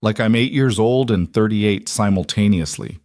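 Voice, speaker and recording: A man voicing a gentle, wry father, speaking in a soft, measured way. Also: lowish voice, no room sound, clean studio sound, natural voice. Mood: tender.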